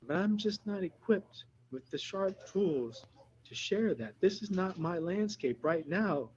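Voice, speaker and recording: A man's voice: a little high, a little mellow, muffled recording, a little hiss or hum. A tearful man representing himself in a courtroom, pleading with the judge in an emotional, rambling way and repeating himself.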